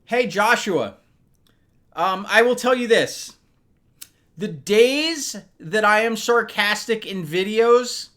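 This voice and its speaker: A man's voice: sits high, bright, forceful tone. A man hosting a casual live stream, rambling as he talks to his viewers and moderators by name, a little loose from bourbon.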